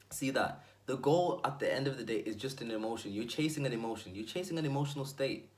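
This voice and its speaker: A man's voice: fairly low pitch, fast talker. Emphatic man giving a motivational talk. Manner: emphatic, repetitive, with frequent asides to the listener. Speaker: motivational video host.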